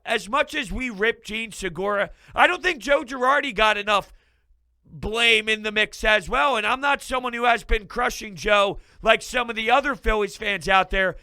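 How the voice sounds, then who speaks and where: A fired-up man with a notably high, bright voice talks through a post-game recap, emphatic and loose with the swearing. His tone is smooth and clear, recorded close on a dry mic. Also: dry recording. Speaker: sports fan channel host.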